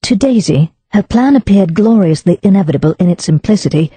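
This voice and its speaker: A woman narrating an audiobook in a measured storytelling manner. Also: medium pitch, animated, mellow, slightly rough, no echo. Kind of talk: scripted narration.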